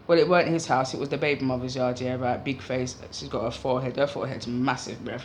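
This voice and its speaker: A young woman telling a story casually, in an animated, slangy way, swearing freely. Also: very deep voice, quick pace, a little hiss or hum.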